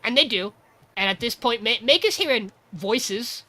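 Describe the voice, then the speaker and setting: A man hosting a podcast, casually recapping an anime episode in an animated way. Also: extremely high pitch, normal speed. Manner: animated, acts out character lines. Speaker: podcast host.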